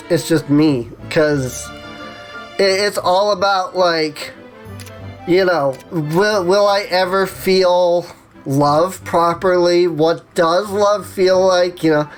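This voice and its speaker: A woman streamer giving casual livestream commentary on a game, emotional, halting and self-conscious. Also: on the low side, soft background music.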